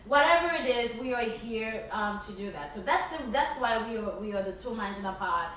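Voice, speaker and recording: A woman's voice: medium pitch, fairly quick, a bit bright. Earnest woman co-host in a very echoey room. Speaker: podcast co-host. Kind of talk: casual podcast chat. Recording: echoey room, distant mic, faint hiss.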